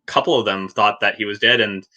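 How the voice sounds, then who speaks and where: A man's voice: fairly low pitch, a little fast, highs cut off. A man in casual talk about a film, laughing often and acting out scenes as he retells them. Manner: laughing, animated retellings with acted quotes. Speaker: podcast guest. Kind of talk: casual movie chat.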